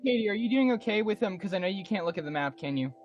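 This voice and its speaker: A man's voice: sits high, lively intonation, rapid-fire, muffled recording, over loud music. A man playing an online tabletop game, casually narrating what his character does. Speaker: player.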